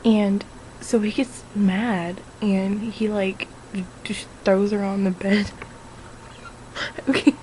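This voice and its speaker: Woman vlogger, casual and crude, giggling recap, mid pitch. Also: level tone, slow, pauses often, a little mellow, a little hiss or hum, low-quality recording. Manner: giggly, profane, keeps breaking into laughter. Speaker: vlogger reviewing a film.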